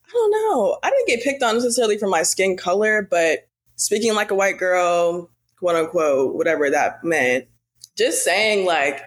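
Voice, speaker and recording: A woman's voice: medium pitch, expressive, moderate pace. A young woman from the United States speaks casually as a guest. She hesitates often and fills her sentences with small fillers. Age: young adult. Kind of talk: casual conversation.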